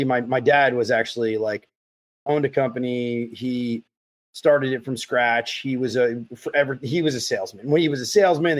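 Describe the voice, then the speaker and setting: A man hosting a podcast interview, telling stories in a rambling, animated way. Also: medium pitch. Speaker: podcast host. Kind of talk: casual interview chat.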